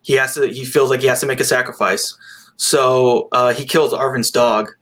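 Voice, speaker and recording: A man in easy conversation about a film he has just seen. He rambles and talks with animation, throwing in a casual curse here and there. His voice sits at an ordinary middle pitch. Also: steady tone, moderate pace, fairly bright tone. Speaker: podcast co-host. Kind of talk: casual movie review chat.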